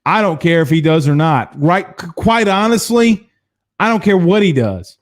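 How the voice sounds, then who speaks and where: A man in his thirties from Louisiana hosting a casual sports stream, reading viewer comments and telling stories in a blunt, animated way. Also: sits high, normal speed. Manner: animated storyteller, hums drum beats, blunt. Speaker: sports show host.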